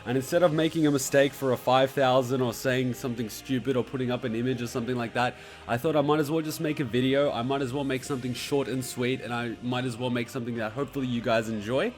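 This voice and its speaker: A man's voice: mid-range voice, steady tone, quick pace. A man from serbia vlogging to his subscribers, joking, faint music under. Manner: chatty, joking, swears for fun. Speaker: YouTube host. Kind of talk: casual vlog talk.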